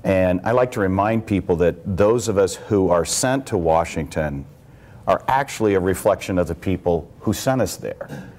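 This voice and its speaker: A middle-aged congressman from small-town Iowa, speaking to a campus audience in a measured, explanatory way. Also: low voice, animated, a little mellow. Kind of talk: public speaking at a campus event.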